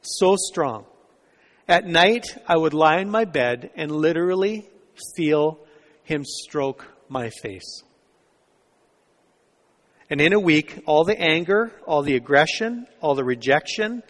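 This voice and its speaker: A man acting out the quoted words of a rough, hostile man who has turned believer, loud and raised when agitated. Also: on the high side, lively intonation, takes it slowly, pauses often. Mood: hushed. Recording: long reverb of a church hall.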